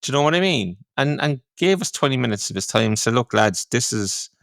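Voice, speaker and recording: A man's voice: medium pitch, lively intonation, fairly quick, creaky, fairly bright tone, no echo, clean studio sound. A man with a Cork Irish accent, a podcast host telling a long rambling story in casual chat, full of "like, you know". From Ireland.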